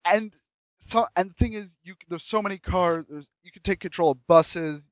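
A man's voice: high voice, normal speed, no echo. A man chatting casually and enthusiastically about a game, rambling with frequent restarts, on dull lo-fi audio. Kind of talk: casual chat reviewing a game.

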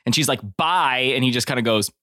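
A man's voice: rapid-fire, no echo, studio quality. A man playing a tabletop role-playing game, joking with his group and slipping into his character now and then. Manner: joking, animated, drops low and quiet in character. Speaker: player. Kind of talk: tabletop role-play banter.

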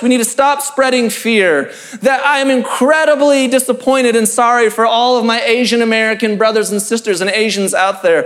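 A pastor giving an earnest, emphatic sermon-style talk, reading scripture and building through repeated phrases. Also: male voice, very high voice, a bit bright.

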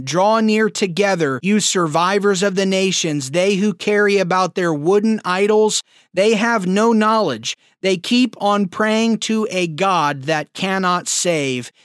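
A man preaching in a slow, deliberate cadence, pressing each phrase of scripture home. His voice sits high and comes across smooth and resonant. The recording is close and dry, with no room sound. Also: dry recording. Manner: slow, emphatic scripture reading. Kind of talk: sermon.

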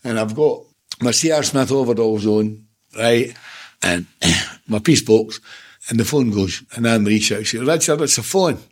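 A man's voice: on the low side, a little slow, husky. A Scottish man in his seventies, a former football manager, telling stories in a casual interview, blunt and swearing freely with laughs between. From Scotland. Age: 70s.

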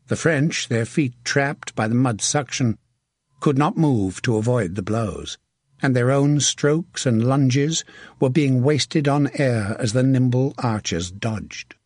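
A man narrating a historical novel in a steady, measured audiobook reading. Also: mid-range voice, breathy edge, no room sound, clean studio sound. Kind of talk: scripted narration.

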